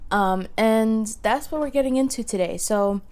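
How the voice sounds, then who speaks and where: A woman's voice: fairly high pitch, moderate pace, a little mellow, clear, resonant tone. A young woman hosting a casual solo podcast, telling stories in a chatty way full of fillers. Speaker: podcast host. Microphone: podcast microphone.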